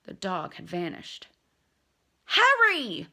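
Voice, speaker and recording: Slow, expressive woman reading a novel. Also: mid-range voice. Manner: dramatic, expressive storytelling. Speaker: reader.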